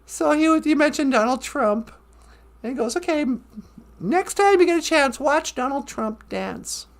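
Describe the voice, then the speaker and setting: A woman hosting a live-stream podcast in casual chat, laughing often and reading lines slowly and dreamily. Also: sits high, animated. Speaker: podcast host.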